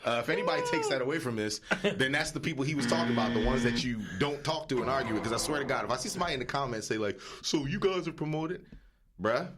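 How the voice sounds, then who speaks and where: A man co-hosting a podcast in casual chat. He is an animated storyteller who uses heavy slang and cusses. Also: mid-range voice, racing, heavy background noise. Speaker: podcast co-host. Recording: music playing under the talk.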